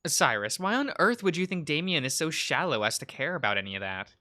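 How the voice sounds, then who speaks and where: A man's voice: a little high, big pitch swings, brisk, pushed and bright, exaggerated voice. A man voicing a blunt, fiery young woman florist in a visual novel read-aloud, scolding and bluntly encouraging.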